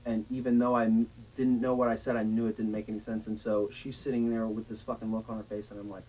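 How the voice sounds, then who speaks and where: A young man casually telling a long, profane story in a rambling, animated way. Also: lowish voice, fast talker, hardly any pauses, a little hiss or hum, rough recording. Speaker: storyteller guest.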